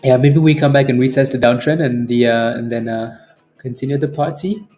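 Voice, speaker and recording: A man hosting a day-trading livestream, chatting casually with viewers between market remarks, relaxed, with frequent fillers and chuckles. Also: mid-range voice, a little fast, soft background music. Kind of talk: casual livestream chat reading viewer comments.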